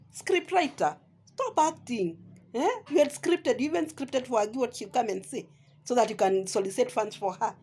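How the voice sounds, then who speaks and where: A woman's voice: fairly high pitch, dark tone, husky. A woman vlogger with a Kenyan accent ranting at her rivals in a scolding, sarcastic tone. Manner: scolding, sarcastic, keeps asking "eh?". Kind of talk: ranting commentary.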